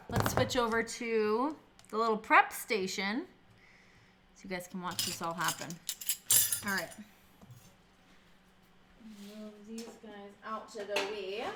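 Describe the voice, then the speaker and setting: A woman's voice: medium pitch, heavy background noise. A woman streamer chatting casually with viewers while cooking in her home kitchen, answering chat and swearing freely.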